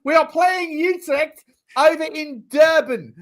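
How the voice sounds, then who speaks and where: A man putting on an exaggerated South African accent for fun, pitched high and breaking into laughter. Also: takes it slowly. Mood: giddy. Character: man hamming up a mock accent.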